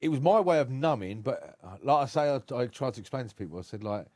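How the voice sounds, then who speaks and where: A man's voice: medium pitch, lively intonation, fast, a little mellow, no echo, clean studio sound. A man in his thirties with an English accent, a podcast guest talking candidly, swearing freely and laughing often. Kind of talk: casual podcast conversation.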